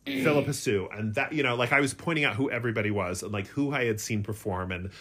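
A man's voice: on the low side, fast, bright, forceful tone. A middle-aged man co-hosting a podcast, telling a rambling, self-mocking story in casual chat. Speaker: podcast co-host.

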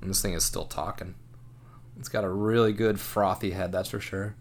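A man co-hosting a podcast, chatting in a relaxed way and often agreeing with his partner. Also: sits low, moderate pace, a little hiss or hum. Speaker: podcast co-host. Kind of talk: casual chat.

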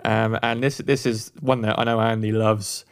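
A man's voice: fairly low pitch, flat delivery, moderate pace, clean tone. A man co-hosting a music podcast, talking enthusiastically in casual, rambling chat with frequent restarts. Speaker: podcast co-host reviewing songs.

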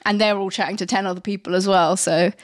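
A young woman co-hosting a podcast in casual chat, chatty and quick to laugh. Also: medium pitch, fairly even intonation, no echo, clean studio sound. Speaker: podcast co-host.

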